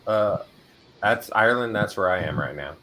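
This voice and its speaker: A man hosting a talk show and giving readings, speaking slowly and in a measured way as he makes grand claims. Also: on the low side, lively intonation, heavy background noise. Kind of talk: casual talk. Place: city in Ireland.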